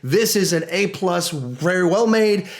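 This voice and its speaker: Animated man reviewing a movie. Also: high-pitched, measured pace. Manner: enthusiastic, animated, with frequent restarts and acted-out quotes. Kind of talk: casual spoken film review.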